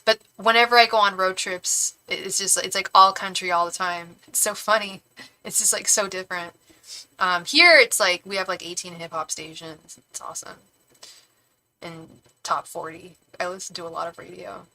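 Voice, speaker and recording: Chatty bright-voiced woman tarot reader. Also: fairly low pitch, moderate pace, poor audio. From California. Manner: chatty, rambling, frequent restarts. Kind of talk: live-stream reading chat.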